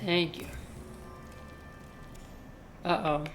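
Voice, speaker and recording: A woman's voice: on the low side, flat delivery, very slow, soft background music. A young woman livestreaming a game, chatting in a rambling, casual way while reading chat. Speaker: streamer.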